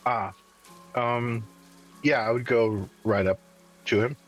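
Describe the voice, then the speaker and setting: A man playing a tabletop game, hesitant and halting, clearing his throat. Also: medium pitch, steady tone, a bit bright, rough recording. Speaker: player.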